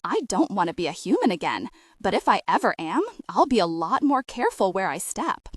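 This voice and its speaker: A woman's voice: mid-range voice, sing-song, fairly quick, dry recording, clean studio sound. A woman voicing a wry, folksy male beetle who was once a cynical human, in an audiobook story.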